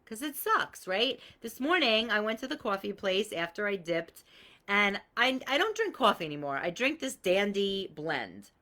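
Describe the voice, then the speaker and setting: A woman with a lowish, bright and forceful voice speaks at normal speed with lively intonation. Hosting a casual live-stream coaching call, she talks bluntly, swears freely, offers everyday examples and greets viewers by name.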